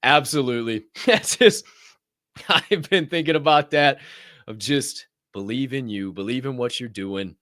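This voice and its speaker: A man hosting a motivational podcast, telling stories in a blunt, profane, animated way. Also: mid-range voice, measured pace, no room sound, studio quality. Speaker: podcast host. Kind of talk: casual motivational monologue.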